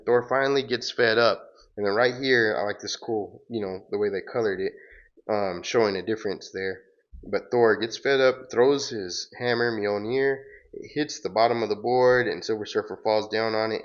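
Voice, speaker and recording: A man's voice: fairly low pitch, steady tone, moderate pace. A man hosting a comic reading, retelling the panels casually with fillers and self-corrections. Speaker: comic book reader and host. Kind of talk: casual reading aloud with commentary. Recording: dull lo-fi sound.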